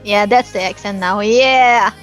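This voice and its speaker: A bubbly woman commentating a live esports match, her voice sitting a little high. She talks fast and eagerly, laughing often, with soft music under her. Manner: excitable, giggly, chatty. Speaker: esports caster and analyst.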